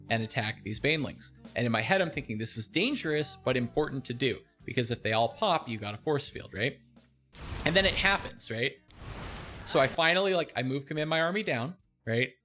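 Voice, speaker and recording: A young man streaming, casually talking through a replay of his own game, animated and self-deprecating, laughing often. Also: medium pitch, fairly quick, soft background music.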